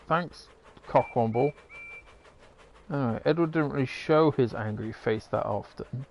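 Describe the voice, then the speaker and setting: A man's voice: mid-range voice, measured pace, gravelly, long pauses, a little mellow, highs cut off, a little hiss or hum. A man giving rambling, casual commentary while playing a game, swearing now and then. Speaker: gamer.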